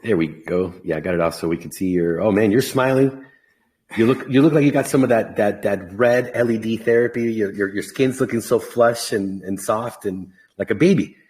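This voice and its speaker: Male podcast host, low register, casual, upbeat, jokey, encouraging, video-call sound. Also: normal speed, darkish tone. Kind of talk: casual chat.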